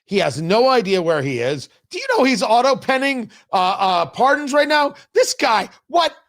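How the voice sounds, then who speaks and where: Animated, heated talk-show host man. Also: very high-pitched, moderate pace. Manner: sarcastic, heated rhetorical questions. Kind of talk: political commentary livestream.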